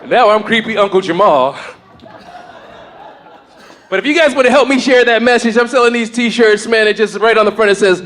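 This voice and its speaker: A man performing a stand-up comedy set on a comedy stage into a handheld mic, talking in loud, punchy bursts and swearing freely. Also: very high-pitched, fairly even intonation, fast, few pauses, slight background noise.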